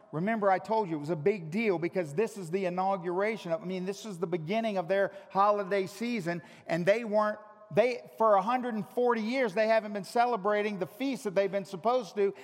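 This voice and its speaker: A male pastor preaching a sermon, teasing his congregation and swinging from loud shouts to hushed, drawn-out emphasis. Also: high voice. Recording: long reverb of a large hall.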